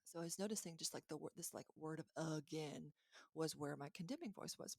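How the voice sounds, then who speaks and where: A woman coaching listeners in an earnest, animated talk with a faith-based message, often stopping to correct herself. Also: low-pitched, brisk, gravelly, slightly rough, dry recording, studio quality. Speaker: life coach.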